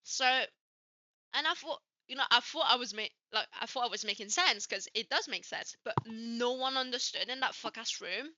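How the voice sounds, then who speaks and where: A woman's voice: fairly high pitch, normal speed, sharp tone, no echo, muffled recording. A woman from Switzerland with a light Swiss French accent, co-hosting a casual chat and swearing freely as she acts out the people in her stories. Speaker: podcast co-host.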